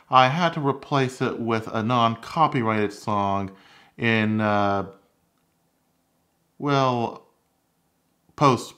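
A man's voice: medium pitch, fairly bright tone. A man hosting his own cooking channel, chatting candidly and critiquing his own recipe videos. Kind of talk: casual vlog commentary.

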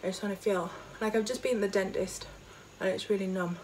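A woman choir leader, teaching an online vocal warm-up from home and demonstrating high sung notes. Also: steady tone, a little fast, a little hiss or hum. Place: home during lockdown.

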